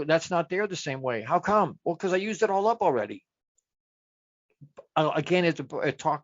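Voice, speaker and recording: A man coaching his listeners in a chatty, self-deprecating motivational talk, firing off rhetorical questions and answering them himself. His voice sits a little high for a man. The recording is dry with no room sound and a somewhat muffled, lo-fi tone. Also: dry recording. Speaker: life coach.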